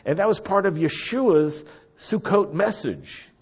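A man preaching a sermon, moving between quiet reflective lines and sudden loud exclamations. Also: high-pitched, lively intonation, unhurried, husky, muffled recording. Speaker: pastor.

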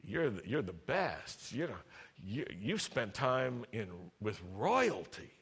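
A man voicing God as a gentle, encouraging deity who speaks softly and reassuringly. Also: sing-song, slow pace, husky, heavily acted. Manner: soft, reassuring, low-key.

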